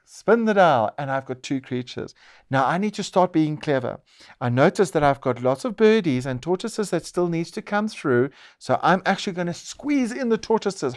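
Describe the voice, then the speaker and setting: A man presenting a board game show, narrating each turn play-by-play and exclaiming as pieces come out. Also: on the high side.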